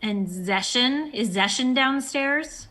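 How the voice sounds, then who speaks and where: Female tabletop player, unhurried and measured, crisp bright voice. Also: sits high, lively intonation. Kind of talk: tabletop role-play.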